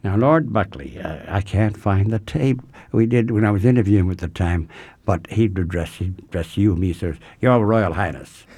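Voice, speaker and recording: A man interviewing a guest, chatting in an animated, rambling way. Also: low voice, normal speed, husky. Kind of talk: conversational interview.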